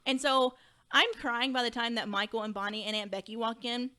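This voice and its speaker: Animated young woman telling a story. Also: fairly high pitch, brisk. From Kentucky. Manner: animated, acts out past dialogue. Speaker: podcast guest, second grade teacher. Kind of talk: personal storytelling in conversation.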